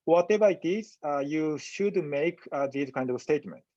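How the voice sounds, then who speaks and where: A man giving a medical lecture in a webinar, speaking in a halting, measured way with frequent pauses and fillers. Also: on the high side, lively intonation, warm tone, no echo, dull audio. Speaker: physician lecturer.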